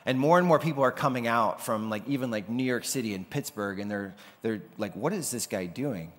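A pastor delivers a sermon in a loose, conversational style, sometimes acting out the people he quotes. His voice is medium in pitch and a little quick, and a long hall reverb trails every line.

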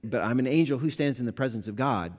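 A man's voice: mid-range voice, lively intonation, quick pace, darkish tone, lightly acted. A man voicing a casual, offhand male angel messenger, heard in a reverberant hall. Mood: breezy. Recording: long reverb of a large hall.

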